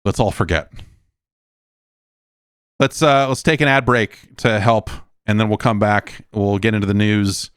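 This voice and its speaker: Low-voiced exasperated podcast host, man. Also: fairly even intonation, normal speed, few pauses, a bit bright, clean tone, no room sound, studio quality. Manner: exasperated, swearing, rambling with restarts. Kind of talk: casual solo podcast rant.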